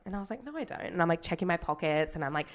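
A woman telling a story in casual chat, animated and laughing, swearing freely. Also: on the low side, rapid-fire.

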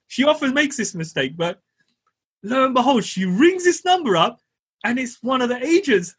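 Husky, chatty man. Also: extremely high pitch, moderate pace. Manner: animated, chatty, slangy, frequent "you know". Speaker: property podcast co-host and landlord. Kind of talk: casual storytelling.

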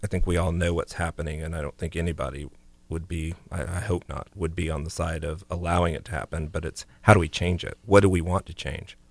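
A man with a deep, low voice co-hosting a talk radio show. He speaks in a thoughtful, measured way and sometimes restarts his words. The studio sound is close and dry. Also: steady tone, gravelly, no echo. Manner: thoughtful, measured, a little halting.

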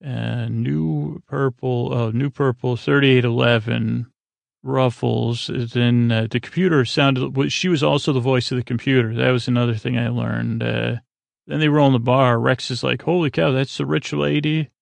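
Gravelly, low-key man rambling through a recap. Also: steady tone, dry recording. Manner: halting, meandering, full of fillers and restarts; low-key, sleepy delivery. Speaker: podcast host recapping an episode.

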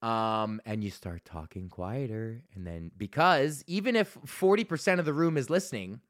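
A man's voice: medium pitch, animated, moderate pace. A man in his thirties from Alberta, a comedian hosting his own show, rambling through a profane story and laughing at his own jokes. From Alberta, Canada. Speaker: podcast host and stand-up comedian. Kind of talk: casual storytelling monologue.

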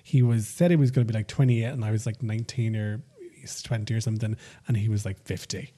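Male podcast co-host, warm husky tone, lively pitch, casual banter. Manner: chatty, quick reactions and laughs. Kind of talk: casual chat.

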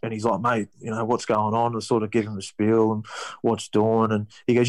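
A man's voice: on the low side, monotone, normal speed, no room sound, low-quality recording. A young Australian man telling a story in a casual interview, rambling, with many restarts. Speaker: guest, rugby league player.

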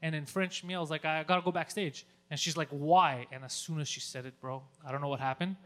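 A man telling a story on a podcast in a casual, animated way, swearing a lot and acting out his own yelling. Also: fairly high pitch, fast talker. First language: Greek. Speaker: podcast co-host.

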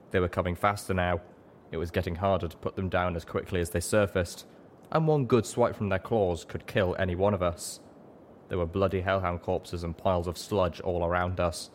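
A man reading fan fiction aloud as an audiobook narrator, steady and deliberate. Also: deep voice, slight background noise. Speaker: audiobook reader.

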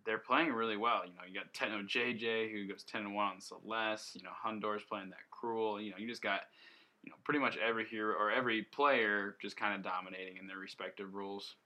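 Male podcast host, casual gaming chat, loose and rambling, bright tone. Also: fairly low pitch, brisk. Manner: relaxed, rambling, lots of fillers.

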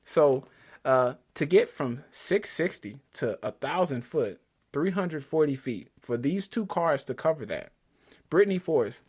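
A man's voice: fairly high pitch, measured pace, slightly rough. A man co-hosting a podcast in a casual chat, talking with eager enthusiasm and frequent restarts. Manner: excitable, enthusiastic, stumbling restarts. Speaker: podcast co-host. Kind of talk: casual chat about drag racing.

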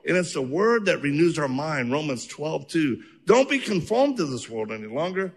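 Gravelly man telling stories in a hall. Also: on the high side, normal speed, few pauses. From outside the United States. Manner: animated storyteller, joking and earnest. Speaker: evangelist. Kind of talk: testimony-filled Q&A answers. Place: church auditorium on stage. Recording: long reverb of a large church hall.

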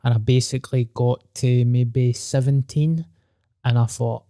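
A man's voice: medium pitch, steady tone, measured pace, dark tone, no echo, studio quality. A young Scottish man hosting a casual podcast chat, candid, joking and swearing freely. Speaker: podcast host.

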